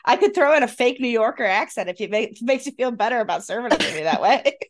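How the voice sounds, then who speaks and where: A woman's voice: fairly high pitch, lively intonation, fast. A woman in her fifties with a Western New York accent, a podcast host in casual chat who laughs often and trails off mid-sentence. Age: 50s.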